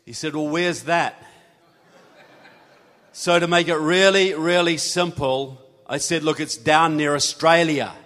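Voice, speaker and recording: A man's voice: on the high side, fairly even intonation, normal speed, hardly any pauses, a bit bright. A man from New Zealand with a New Zealand accent giving a folksy, earnest speech to a live audience. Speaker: guest speaker. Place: large hall. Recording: hall reverb.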